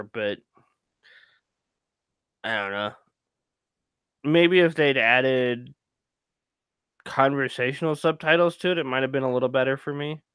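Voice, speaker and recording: A man co-hosting a casual podcast, talking about music videos in a low-key, laid-back way with hesitant restarts and sounding tired. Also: fairly bright tone, clear, resonant tone, no echo. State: tired, yawning. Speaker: podcast co-host.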